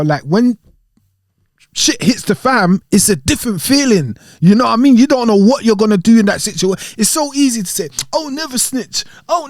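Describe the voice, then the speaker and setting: A man's voice: sits high, darkish tone, dry recording, clean studio sound. A young man, chatting casually in slang and laughing easily on a podcast. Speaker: podcast guest. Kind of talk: casual chat.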